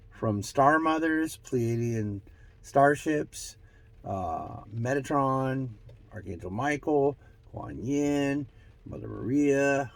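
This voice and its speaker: A man hosting his own show, musing aloud in a rambling, self-mocking way, trailing off and restarting as he relays channeled messages. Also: dry recording. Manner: pitch and loudness swing widely, from bright bursts to low mutters. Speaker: host. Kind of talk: casual spiritual channeling monologue.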